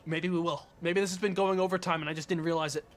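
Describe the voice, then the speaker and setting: A young man streaming a game live, talking to his chat, excitable and swearing often. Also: fairly high pitch, fast talker.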